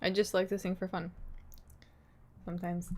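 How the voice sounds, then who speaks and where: A young adult woman streamer chatting casually with her viewers, reading their comments, laughing often and trailing off softly at the ends of her thoughts. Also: on the low side, little pitch movement, unhurried, slight background noise. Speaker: livestreamer.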